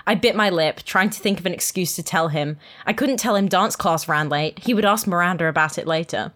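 A woman's voice: lowish voice, a little fast, fairly bright tone. A young woman and podcast co-host reading a fan fiction aloud in the first person, dramatic, with amused asides in the chat. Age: young adult.

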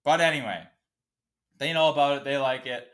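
A man's voice: medium pitch, brisk, fairly bright tone. A man hosting a casual solo podcast, ranting in a profane, emotional, fired-up way. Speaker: podcast host.

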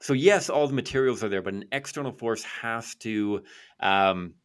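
A man's voice: on the low side, moderate pace, clear, resonant tone. A man co-hosting a podcast from his office, explaining a point casually with everyday examples. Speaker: pro-life podcast co-host. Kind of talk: casual discussion. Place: office in Calgary.

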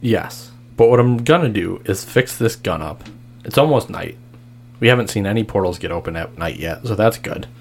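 A man's voice: lowish voice, expressive, normal speed, creaky, a little hiss or hum. A man voicing a brash adult female time traveler in an improvised tabletop game, talking bluntly and defensively. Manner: blunt, defensive, casual swearing. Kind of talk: improvised tabletop role-play.

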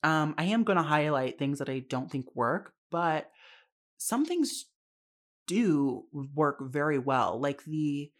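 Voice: mid-range voice, animated, takes it slowly, fairly bright tone. A young adult podcast host giving a casual solo film review, chatty and candid, swearing freely and laughing often. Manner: chatty with frequent fillers and asides.

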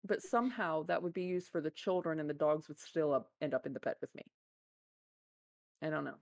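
A woman's voice: deep voice, a little fast, a little mellow, no room sound. A woman chatting casually, blunt and joking, with frequent swearing. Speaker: podcast co-host. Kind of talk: casual chat.

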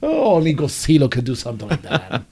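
A man's voice: fairly high pitch, wildly swooping pitch, quick pace, vocal fry, a little mellow. A man co-hosting a podcast in casual chat, laughing often and calling his partner by name. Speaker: podcast co-host.

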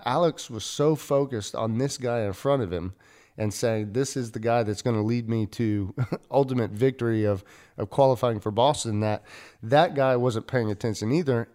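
A man's voice: medium pitch, a little mellow. Folksy man telling a story. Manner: folksy, self-deprecating, acts out quotes. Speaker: podcast host. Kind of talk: casual storytelling.

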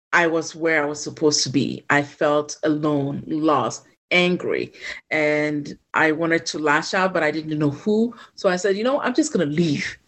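A woman from Ghana, a podcast guest, telling a personal story in an animated way and acting out the voices of the people in it. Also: low-pitched. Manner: animated storyteller who acts out quoted voices.

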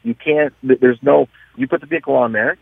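A man's voice: mid-range voice, fairly quick, no echo. A man, a guest business owner, telling stories in a casual radio interview over the phone, restarting sentences often. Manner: animated storyteller, many restarts. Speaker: guest, dyno shop owner. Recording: tinny phone line, husky.

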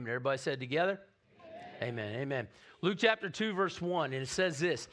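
A male pastor giving a lively Christmas Eve sermon in church, calling on the congregation to respond. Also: medium pitch, fast. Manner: energetic, calls on the congregation to respond. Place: church sanctuary.

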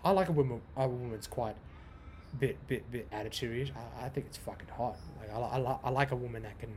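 There is a little hiss or hum behind this young man's mid-range, darkish voice, and he talks a little fast. Hosting his podcast, he rambles casually and profanely, repeating himself and wandering off on tangents.

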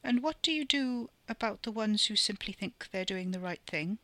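A woman voicing a calm, cryptic ancient enchanter. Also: medium pitch, no echo, pitched above the performer's own voice. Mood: probing. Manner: measured, riddling, unhurried.

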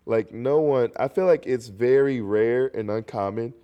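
With a medium-pitched, clear, resonant voice on somewhat dull audio, a young North Carolinian talks at a measured pace on his solo podcast. He's congested but animated, rambling casually and tossing in jokey asides.

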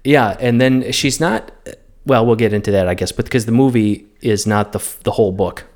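A man co-hosting a film podcast, giving opinionated, animated takes in casual chat. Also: mid-range voice. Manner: opinionated, animated film talk with quick asides. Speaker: podcast co-host.

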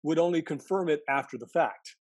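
A man being interviewed as a former intelligence analyst, talking in an animated storytelling way and often restarting his sentences. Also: fairly high pitch, a little fast, breathy edge, no room sound. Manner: animated storytelling, mimics quoted voices, frequent self-restarts. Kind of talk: conversational interview.

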